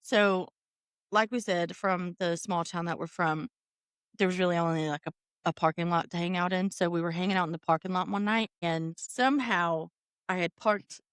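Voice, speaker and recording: Woman co-host, young adult, slightly low voice, dry close sound. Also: fairly even intonation, moderate pace, clean tone, no echo. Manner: laughs a lot, reacts with short interjections. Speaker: podcast co-host. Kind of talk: casual chat.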